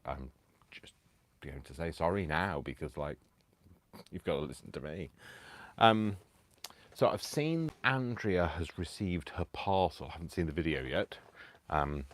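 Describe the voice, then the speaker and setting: Deep-voiced chatty man on a home live stream. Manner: chatty, self-mocking, rambling asides. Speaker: craft channel host. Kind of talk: casual live stream chat. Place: home, indoors.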